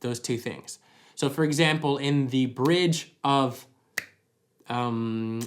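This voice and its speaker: A man's voice: on the high side, expressive, measured pace, over music. A man giving a practical singing lesson at home, explaining each point by demonstrating it. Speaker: vocal coach. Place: at home with a dog nearby.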